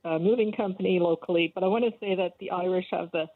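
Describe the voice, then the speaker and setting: A woman's voice: on the low side, quick pace, no room sound, narrow, tinny audio. A woman calling in to a radio show, telling an anecdote in a bubbly, giggly way. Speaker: caller. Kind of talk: phone call to radio show.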